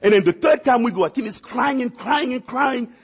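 A man's voice: extremely high pitch, brisk, vocal fry, slightly rough. A man preaching a sermon, telling folksy stories and repeating words for emphasis. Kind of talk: sermon with personal storytelling.

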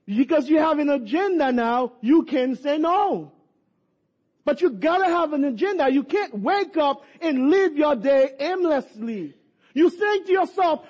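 A man preaching a sermon with passion, at times rising to shouts, repeating and stumbling over words. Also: very high-pitched, animated, moderate pace. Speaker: pastor. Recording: dull lo-fi recording.

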